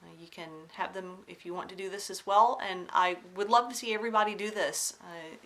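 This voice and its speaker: Bright-voiced Southern woman chatting at home. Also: mid-range voice, steady tone, fairly quick. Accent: Southern US, mixed Alabama and North Carolina. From Southern United States (Alabama, then North Carolina). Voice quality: slightly soft R sounds. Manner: chatty and rambling, with many ums and restarts; careful enunciation. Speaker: cross-stitch vlogger. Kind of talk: casual chat to camera. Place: at home indoors.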